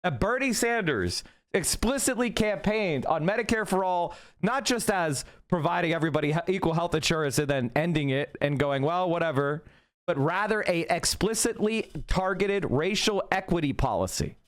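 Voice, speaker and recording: Guy streamer arguing politics, bit high voice, keeps repeating his points. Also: animated. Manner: argumentative, fast-shifting, repeats points. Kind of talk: casual livestream commentary, reacting to clips and chat.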